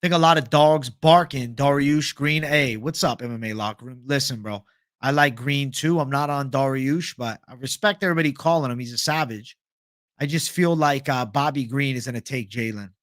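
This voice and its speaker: A man's voice: mid-range voice, moderate pace, a bit bright, no room sound, clean studio sound. Casual young man hosting a fight stream. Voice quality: casual, profane, reads chat aloud. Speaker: MMA livestream host. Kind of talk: casual livestream fight picks chat.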